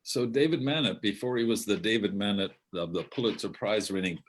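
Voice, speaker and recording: A man's voice: on the low side, brisk, a little hiss or hum. An older man, a theatre director, telling rambling anecdotes with many self-corrections and asides. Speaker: outgoing theatre artistic director.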